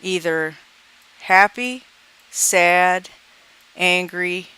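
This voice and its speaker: A woman's voice: lowish voice, steady tone, drawn-out words, pushed and bright, smooth. A woman walking through a coding example in a screencast tutorial, thinking aloud as she debugs and reads out dialog lines. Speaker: programming teacher.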